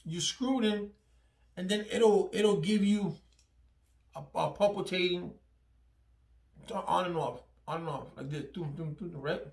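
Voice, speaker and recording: A man's voice: high-pitched, unhurried, creaky, pauses often, a little mellow. Chatty man reviewing gadgets, echoey room. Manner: chatty, repeats "right?" often, restarts phrases. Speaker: channel host. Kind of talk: casual product review vlog.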